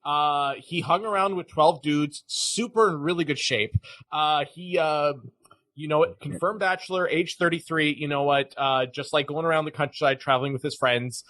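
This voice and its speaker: A man's voice: a little high, fairly even intonation, normal speed, fairly bright tone, dry recording. A man playing a tabletop game, rambling and hesitant. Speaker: player. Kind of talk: in-character tabletop play.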